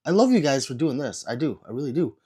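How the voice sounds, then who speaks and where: A man who is sick, chatting casually on a livestream and reading viewer comments aloud with low energy. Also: big pitch swings, quick pace, mellow, breathy edge.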